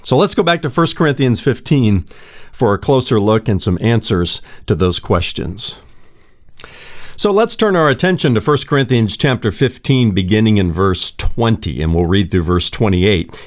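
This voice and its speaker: A man preaching a sermon, asking listeners direct questions and slowing down on key phrases. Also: medium pitch, very animated. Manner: emphatic, slows down for key phrases.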